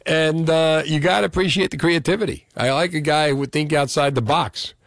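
A man's voice: a little high, brisk, dry recording, studio quality. A man hosting a call-in radio show, chatting and joking with listeners. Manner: lively, animated, joking with callers. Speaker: radio host.

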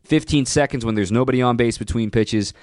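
A man hosting a sports radio show, ranting with opinionated, punchy emphasis and sudden jumps in pitch. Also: fairly quick, darkish tone, no echo, clean studio sound.

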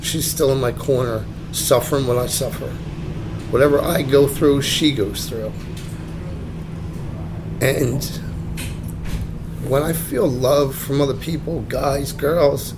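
Emotional man over loud vehicle noise. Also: medium pitch. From New Jersey. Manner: halting, slow, pausing often with ums. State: emotional, voice close to breaking. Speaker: interviewee in recovery from addiction. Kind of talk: candid personal testimony.

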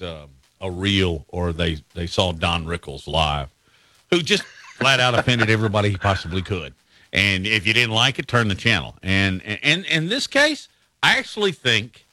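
A man's voice: on the low side, bright, forceful tone, no room sound. A man hosting a casual sports talk show, folksy and opinionated, laughing easily. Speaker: sports radio host.

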